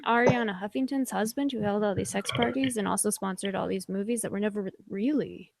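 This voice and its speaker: A woman's voice: medium pitch, fast talker, vocal fry, a little mellow. A woman hosting a casual online group chat, chatty and apologetic, filling her speech with "like.". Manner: chatty, apologetic, many likes. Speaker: host.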